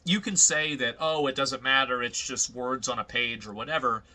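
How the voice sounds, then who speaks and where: A man's voice: medium pitch, normal speed, sharp tone, rough recording. A man in a played clip, giving prepared commentary in an emphatic, declarative manner.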